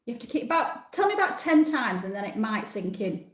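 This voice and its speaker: A woman's voice: a little high, sing-song, brisk, roomy sound. Chatty woman in her sixties. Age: 60s. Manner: chatty, self-deprecating, reads comments aloud and answers. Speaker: livestream host reading viewer comments. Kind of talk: casual live chat.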